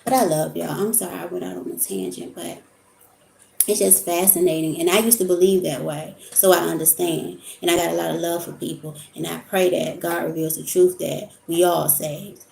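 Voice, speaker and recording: A woman's voice: lowish voice, moderate pace, vocal fry, darkish tone, slight background noise. A woman vlogger talking casually about spiritual topics in a rambling, storytelling way. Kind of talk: casual monologue. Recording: echoey room.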